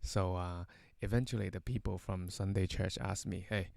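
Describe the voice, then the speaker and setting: A man's voice: low-pitched, fairly even intonation, normal speed, vocal fry, darkish tone, no echo. A man telling a casual anecdote, rambling with many fillers and tag questions. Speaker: storyteller.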